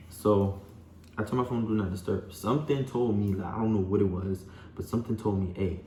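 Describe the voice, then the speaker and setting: Low, flat-voiced young man telling his story. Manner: rambling, full of "like" and "you know", addresses viewers as y'all. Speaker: vlogger. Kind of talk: personal storytelling to camera. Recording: echoey room with faint background hum.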